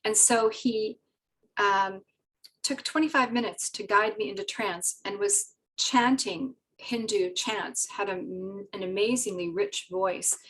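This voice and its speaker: A woman telling a personal story in an animated, rambling way, laughing often and using many fillers. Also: mid-range voice, takes it slowly, distant mic, low-quality recording. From Britain. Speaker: guest telling her spiritual story.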